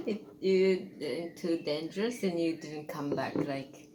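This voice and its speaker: Halting woman, low and slow. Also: a little hiss or hum, poor audio. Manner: halting, giggly. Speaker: guest. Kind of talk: casual chat.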